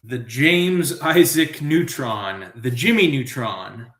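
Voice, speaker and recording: Male trivia host, mid pitch, jokey and rambling, echoey room sound. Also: expressive, slow, fairly bright tone. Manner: goofy, self-amused, riffs on tangents. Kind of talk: rambling live trivia commentary.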